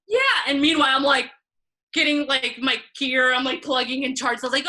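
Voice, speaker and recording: A young woman tells a long story in a casual interview, bright and forceful in tone with a fairly high voice. She slips into quoted voices of the people in the story and laughs often. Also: fairly even intonation, normal speed, rough recording. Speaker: interview guest, concert photographer.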